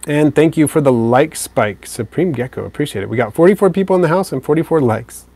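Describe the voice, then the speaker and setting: Relaxed man chatting on a live stream. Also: fairly high pitch, brisk, no echo. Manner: relaxed, rambling, with fillers and self-corrections. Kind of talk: casual live stream chat answering viewers.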